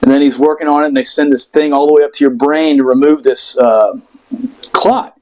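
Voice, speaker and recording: A man in casual podcast chat, telling a wild personal story with plenty of swearing. His voice sits a bit high for a man, and he jumps into quoted voices as he goes. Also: a little fast, poor audio. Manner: animated, profane, acts out voices in quotes.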